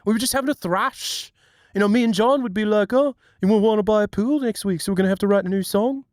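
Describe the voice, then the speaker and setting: A man's voice: high-pitched, fast, no echo, clean studio sound, lightly acted. A man doing an impression of a famous Liverpool musician, chattily reminiscing in a put-on Scouse accent. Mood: breezy.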